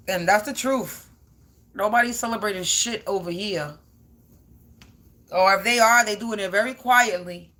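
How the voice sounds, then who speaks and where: Talking straight to her viewers, this woman who reads tarot has a medium-pitched, fairly bright voice at normal speed, pausing often. Her loose, rambling speech is blunt, slangy and full of offhand cursing.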